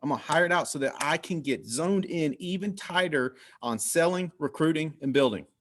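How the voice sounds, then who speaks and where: A man hosting a team video call, energetic and repeating his points. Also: a little high, moderate pace. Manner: energetic, repetitive, hyped. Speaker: host.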